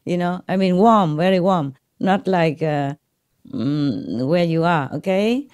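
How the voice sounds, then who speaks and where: A woman spiritual teacher talks informally to her disciples in a low, warm, mellow voice. She rambles, laughs often and keeps checking in with her listeners. Her English is slightly non-native, and she switches easily into Chinese. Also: slow pace, clean tone. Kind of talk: informal talk to a gathered audience.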